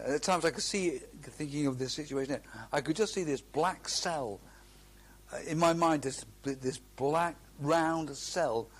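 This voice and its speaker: A man's voice: medium pitch, slightly rough. A middle-aged man preaching a sermon, earnest and emphatic, drawing out key phrases and often restarting.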